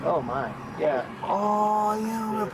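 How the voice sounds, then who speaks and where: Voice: medium pitch, expressive, extremely slow, heavy background noise. A detained man, out of breath and faint, pleading in a distressed way outdoors on a street. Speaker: detained suspect. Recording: police bodycam audio with loud crowd.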